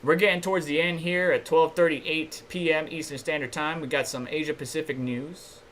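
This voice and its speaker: A man with a fairly high voice hosts a casual crypto news livestream. He reads news articles aloud, then breaks off to chat loosely with his viewers. A faint hiss sits behind his voice. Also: fairly even intonation, normal speed, fairly bright tone. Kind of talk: casual live-stream commentary, reading news articles aloud.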